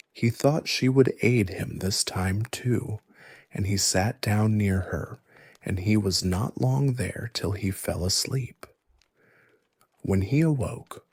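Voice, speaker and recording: Slow, husky male sleep-story narrator. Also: lowish voice, dry recording. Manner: slow, hushed, soothing delivery. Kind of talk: soft ASMR storytelling.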